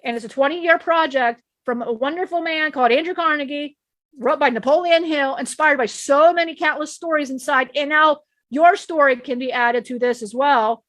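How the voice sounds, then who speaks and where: An ancient divine male being delivers a spiritual lesson, as a woman channels him in a high voice. He preaches emphatically, circling back to the same point again and again with restarts. The sound is dry and close. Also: moderate pace, a bit bright, no room sound. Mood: earnest.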